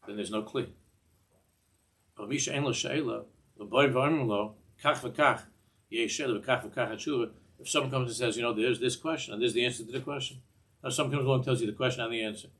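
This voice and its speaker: A man's voice: mid-range voice, racing, fairly bright tone. An older man teaching a Torah class in a discursive way, often repeating words and mixing in Hebrew phrases.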